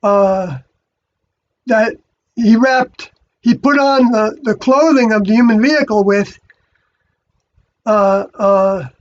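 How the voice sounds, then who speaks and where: Halting speaker on a dull lo-fi recording. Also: medium pitch. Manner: halting, many fillers and restarts, self-correcting. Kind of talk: rambling spiritual monologue.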